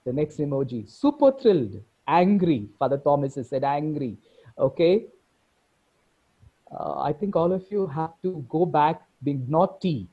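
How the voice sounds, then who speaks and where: A man's voice: fairly high pitch, sing-song, measured pace, husky. A man with an Indian English accent running an online workshop, reading chat comments aloud one by one over a video call. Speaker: workshop presenter. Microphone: computer mic on a video call. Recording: dull lo-fi video call audio.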